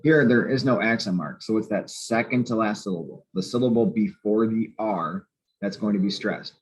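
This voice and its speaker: A man's voice: on the low side, moderate pace. A man teaching a language grammar lesson, explaining step by step in a patient, methodical way and spelling out letters. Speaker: Spanish teacher. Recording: slightly muffled lo-fi recording.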